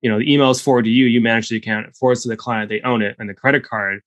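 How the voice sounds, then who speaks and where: Man, interview guest, rapid talk, animated, dry close mic, medium pitch. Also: no echo, highs cut off. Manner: fast, animated storyteller with many restarts. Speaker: guest, software founder. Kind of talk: casual interview chat.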